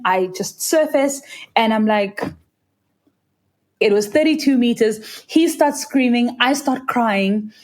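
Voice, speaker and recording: A South African woman, a freediver, telling her story in an earnest, vivid interview, sometimes acting out the voices of others. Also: darkish tone. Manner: earnest and vivid, acts out quoted voices in a higher pitch. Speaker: freediver, guest.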